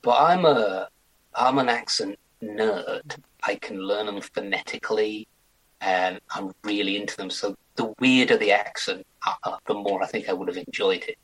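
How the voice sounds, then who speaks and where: A man in his forties, an actor chatting as an interview guest in an animated way. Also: lowish voice, normal speed, slightly rough, low-quality recording. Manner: chatty, animated, slips into mock accents. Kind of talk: casual interview chat.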